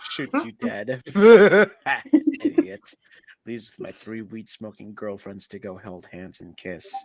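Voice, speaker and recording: A man on a podcast reading online posts aloud in an over-the-top theatrical way, swinging between yelling and hushed narration. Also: fairly low pitch, unhurried, dry recording. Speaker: podcast co-host.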